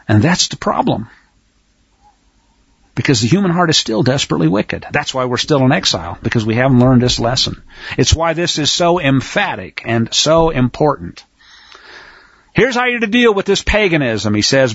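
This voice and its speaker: Husky, emphatic male Bible teacher. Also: sing-song, normal speed, no echo, lo-fi sound. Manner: emphatic, blunt, preacherly, swings between loud and low. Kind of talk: Torah teaching sermon.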